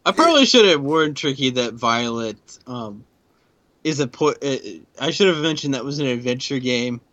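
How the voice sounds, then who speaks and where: A man's voice: medium pitch, lively intonation, moderate pace, fairly bright tone, highs cut off. A man co-hosting a podcast, chatting casually and teasing with jokes. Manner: joking, teasing. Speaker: podcast co-host. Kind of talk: casual chat.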